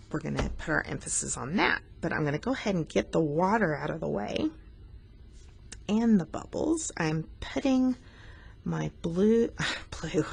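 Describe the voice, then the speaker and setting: A woman's voice: low voice, creaky, breathy edge. A woman art teacher talking students through a coloring lesson, patient and explanatory, teasing herself now and then.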